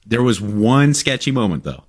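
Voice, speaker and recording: A man co-hosting a podcast, chatting casually in an excitable, joking way with frequent restarts. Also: medium pitch, moderate pace, slightly rough. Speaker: podcast co-host. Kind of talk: casual chat.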